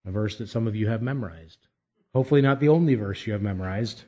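A man preaching a sermon, measured and emphatic, pausing deliberately between phrases. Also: on the low side, darkish tone, highs cut off. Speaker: pastor.

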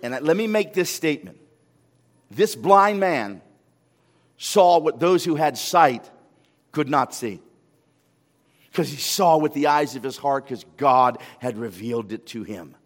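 A man preaching a sermon as a pastor, animated, firing rhetorical questions and repeating words when he gets excited. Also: a little high, a little slow, long pauses. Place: church sanctuary. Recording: long hall reverb.

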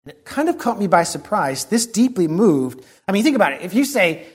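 A man preaching a sermon in an earnest, reflective way, often dropping to a soft hush. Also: high voice, big pitch swings, fairly quick, breathy edge.

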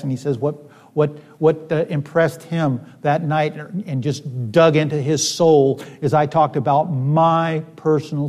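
A man's voice: medium pitch, a little mellow. A male pastor telling a personal story in a sermon, in a folksy, conversational way with many fillers and sudden emphatic peaks. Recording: reverberant hall.

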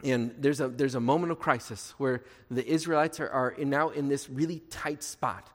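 A male pastor giving a sermon in a conversational, animated way, asking rhetorical questions. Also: mid-range voice, moderate pace. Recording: long reverb of a large hall.

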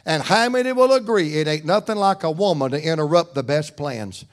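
Preacher, higher than usual male voice, fervent church sermon, loud cries dropping to near-whisper. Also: animated, fairly quick. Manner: fervent preaching with rising shouts and soft drops.

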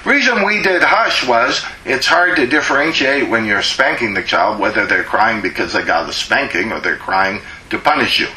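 A man preaching a sermon as a pastor, slow and emphatic, drawing out words to press his points. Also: medium pitch, lively intonation, sharp tone, reverberant, poor audio.

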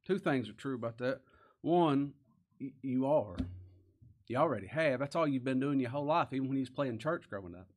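A man preaching a sermon, swinging between quiet stresses and raised, impassioned emphasis. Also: medium pitch. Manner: impassioned, rising and falling emphasis. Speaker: pastor.

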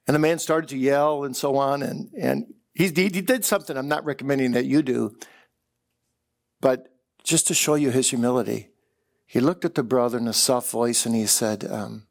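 A man's voice: medium pitch, normal speed, vocal fry. A man preaching a chapel sermon, telling stories earnestly and sometimes repeating words as he builds. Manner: earnest storytelling, repeats words when excited. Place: chapel service.

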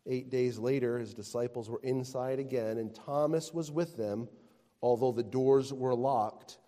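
A man preaching a sermon, swinging from hushed tenderness to loud emphatic declaiming. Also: mid-range voice, steady tone, unhurried. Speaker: pastor. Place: church sanctuary. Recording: long reverb of a large hall.

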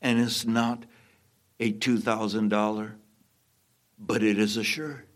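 Slow, low-voiced male preacher. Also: level tone. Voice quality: emphatic, repeats phrases for stress. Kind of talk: sermon.

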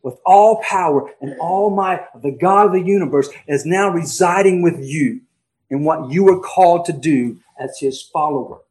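A male pastor preaching an emphatic sermon, slowing down and swinging between loud stresses and quiet asides. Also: fairly high pitch, rough recording. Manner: emphatic preaching with dramatic pauses and swings in volume.

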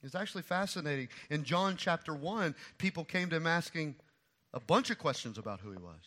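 A middle-aged man preaches from the pulpit with a bright, forceful voice pitched a little high. He drops to hushed asides, then builds to loud, repeated lines for emphasis. His delivery is full of dramatic swings in volume. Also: lively intonation, brisk. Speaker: pastor. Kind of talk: sermon.

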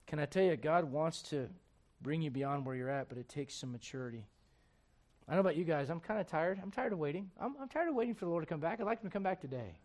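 A man preaching a sermon. He swings between quiet, close asides and loud, emphatic preaching, and keeps asking his listeners rhetorical questions. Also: on the high side, lively intonation, fast. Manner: asks the congregation rhetorical questions.

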